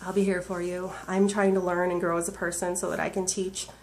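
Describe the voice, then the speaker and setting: Tearful woman vlogger, earnest and halting. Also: on the low side, level tone, darkish tone, a little hiss or hum. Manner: earnest, halting, rambling with many fillers. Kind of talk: emotional personal video diary.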